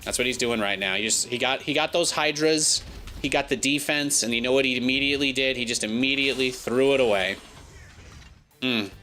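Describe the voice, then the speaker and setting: A man with an American accent giving excitable, joking commentary while he plays and streams a game. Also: mid-range voice, brisk, faint music behind. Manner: excitable, joking, talks to himself and chat. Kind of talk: casual gameplay commentary.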